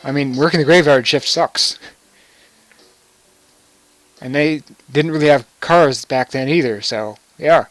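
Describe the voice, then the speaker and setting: A man's voice: a little high, unhurried, pauses often, a bit bright, no echo, faint music behind. A young man giving casual, joking commentary over a video game and laughing often. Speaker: let's play commentator.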